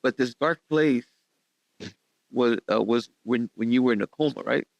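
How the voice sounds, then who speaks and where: A man's voice: medium pitch, normal speed, vocal fry, no echo, poor audio. Man, podcast host, conversational, rambling, repeats words, dry close mic. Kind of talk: conversational interview. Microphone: podcast studio mic.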